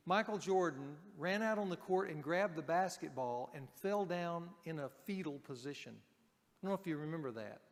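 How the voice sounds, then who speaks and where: A man preaching a sermon to a men's group, speaking emphatically and dropping to a hush on key points. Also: on the high side, big-room sound.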